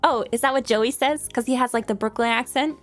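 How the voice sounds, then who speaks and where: A young woman with a high voice rambles through viewer questions in a loose, giggly chat, often poking fun at herself. Faint music plays under her talk. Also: fairly quick. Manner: giggly, rambling, self-deprecating. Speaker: streamer.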